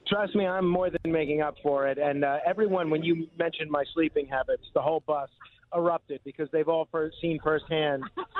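A man's voice: fairly high pitch, no room sound. Wry man on a tinny phone line. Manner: wry, teasing. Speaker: radio producer. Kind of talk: casual radio chat.

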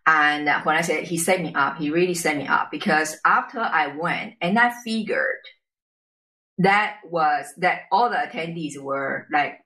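Bright-voiced woman with a Chinese accent. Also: sits low, low-quality recording. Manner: lively, tag questions and quick restarts. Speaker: podcast guest. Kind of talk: conversational storytelling interview.

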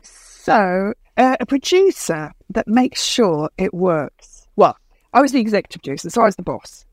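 A woman's voice: medium pitch, very animated, moderate pace, dry recording. A woman in her fifties, a television producer and speaker, talking in an interview, emphatic and storytelling, acting out quoted dialogue. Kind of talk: conversational interview.

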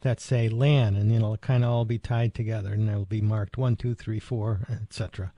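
A man's voice: lowish voice, steady tone, moderate pace, mellow, no room sound. A man co-hosting a radio tech show, giving methodical, instructive explanations.

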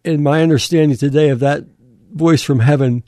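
An older man telling his life story as a podcast guest, plain-spoken and halting, with frequent fillers and restarts. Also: fairly high pitch, steady tone, dark tone, no echo, clean studio sound. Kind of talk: personal testimony in casual talk.

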